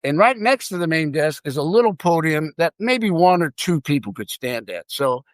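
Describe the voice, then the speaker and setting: A man's voice: on the high side, normal speed, dry recording, studio quality. Older man spinning a yarn. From Chicago, United States. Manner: lively, acts out other people's lines. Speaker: guest. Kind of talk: anecdotal storytelling.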